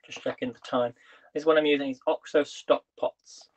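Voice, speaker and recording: A man's voice: a little high, fairly even intonation, fairly quick, lo-fi sound. A man hosting a live cooking stream from his home kitchen, chatting with viewers and reading their comments as he cooks.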